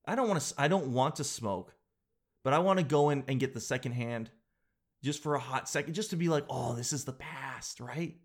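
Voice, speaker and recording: A man's voice: mid-range voice, brisk. A man, hosting a daily show in a casual, rambling monologue full of self-mocking jokes. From Canada.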